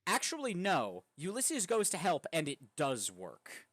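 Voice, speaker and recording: A woman's voice: fairly low pitch, wildly swooping pitch, unhurried, no echo. A woman narrating as game master in a streamed tabletop game, playful and laughing often.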